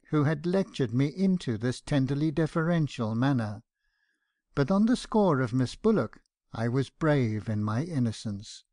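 A man narrates a first-person audiobook in a measured, earnest way. His pitch sits in the middle for a man. The recording is close and completely dry. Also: mellow, dry recording.

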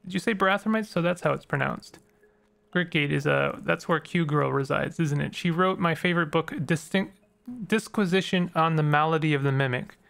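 Guy reading a calm soft-spoken creature from a game, a bit high, gravelly. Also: normal speed. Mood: curious. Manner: reads the game's dialogue aloud in his own voice.

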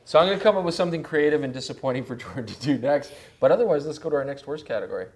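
A man's voice: medium pitch, very fast, a little hiss or hum. A man, co-hosting a casual, joking chat about camera gear. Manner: animated, jokey, laughs often. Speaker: co-host of camera gear show.

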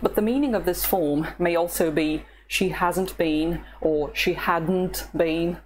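Slow, patient woman teacher. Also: fairly low pitch, a little hiss or hum. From Russia. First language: Russian. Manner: patient and encouraging, pausing for the listener to repeat. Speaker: language teacher. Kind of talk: slow, scripted language lesson.

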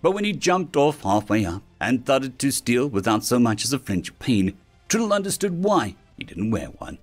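A man narrating a science-fiction story in an expressive storytelling manner. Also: medium pitch, normal speed, soft background music. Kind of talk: scripted sci-fi story narration.

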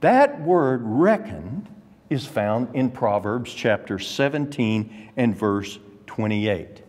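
Older guy teaching sunday school, slow and emphatic, voice swings up and down, church hall echo. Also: mid-range voice, sing-song, a little mellow. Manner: emphatic, deliberate, rising to stress key words. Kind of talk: Bible class teaching. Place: church classroom. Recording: long reverb of a church hall.

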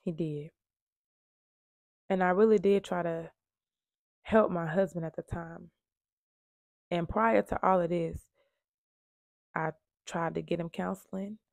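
Earnest woman with a gravelly edge. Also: fairly low pitch, fairly even intonation, slow, long pauses, a little mellow, no echo. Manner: emphatic, repetitive, earnest retelling. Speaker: domestic violence survivor sharing her story. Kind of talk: emotional personal storytelling.

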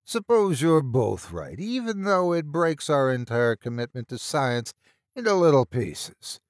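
A man's voice: medium pitch, expressive, measured pace, dry recording, clean studio sound. A man playing a scornful, snapping senior doctor. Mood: sarcastic. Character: blustering sarcastic male senior psychiatrist.

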